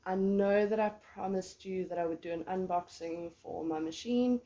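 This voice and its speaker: A woman in her thirties with a hoarse, sick voice, chatting casually and self-deprecatingly through a home craft tutorial. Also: mid-range voice, moderate pace, dark tone. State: hoarse from illness. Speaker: crafting vlogger.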